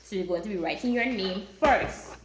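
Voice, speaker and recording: A woman's voice: medium pitch, normal speed. A woman teaching a lesson to young schoolchildren, speaking in a sing-song, encouraging way and often checking in with "right?". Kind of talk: classroom teaching to young children. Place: classroom. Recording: very echoey room with faint noise.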